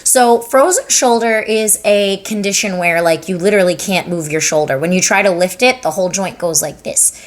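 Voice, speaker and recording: A young adult woman talks through a health topic in a casual, chatty way, like a massage therapist teaching her viewers. Her voice sits at an ordinary pitch, and she leans on fillers as she demonstrates. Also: normal speed, hardly any pauses. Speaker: lymphatic drainage massage therapist. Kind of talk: casual educational explainer.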